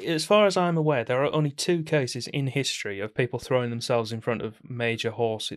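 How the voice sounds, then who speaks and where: A man's voice: medium pitch, fairly quick, no echo, clean studio sound. A man co-hosting a podcast, telling stories bluntly with casual swearing. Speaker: podcast co-host. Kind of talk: casual banter.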